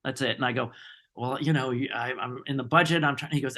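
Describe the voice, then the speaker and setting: A man being interviewed as an actor guest, an animated storyteller who acts out what others said. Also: medium pitch, fast. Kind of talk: casual podcast interview.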